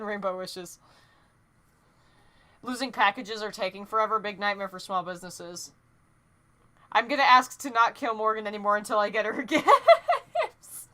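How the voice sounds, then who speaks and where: A young woman streaming from home, chatting casually while she draws; excitable and rambling, she laughs often and trips over her words. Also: a little high. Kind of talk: casual live-stream chat while drawing.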